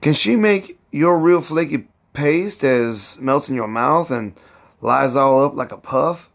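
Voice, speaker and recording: A man's voice: mid-range voice, expressive, slow, gravelly. A man reading aloud and voicing a proud, fussy older woman cook who scolds and boasts in heavy old Southern dialect. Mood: boastful.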